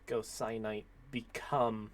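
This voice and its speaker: A man chatting while playing a game, laid-back and joking, often quiet. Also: on the low side, little pitch movement, takes it slowly. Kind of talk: casual chat while gaming.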